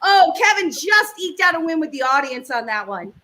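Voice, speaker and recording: A woman with a high, bright voice hosts a live comedy show. She reads joke headlines and banters with the panel in a bubbly, giggly way that keeps breaking into laughter. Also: big pitch swings, normal speed, rough recording. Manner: bubbly, giggly, self-interrupting. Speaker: host.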